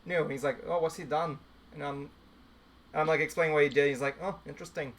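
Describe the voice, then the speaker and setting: A man's voice: on the high side, steady tone, fast. A man co-hosting a casual group podcast, telling a rambling anecdote with many restarts. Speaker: podcast co-host. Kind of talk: casual group chat, storytelling.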